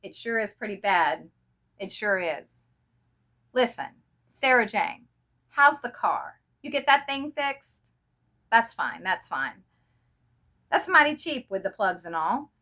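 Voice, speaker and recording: Lady reading a young southern lieutenant on the phone, drawly, bright and pushy. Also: mid-range voice, big pitch swings, takes it slowly, long pauses, heavily acted. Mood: earnest. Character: young Southern male army lieutenant, homesick.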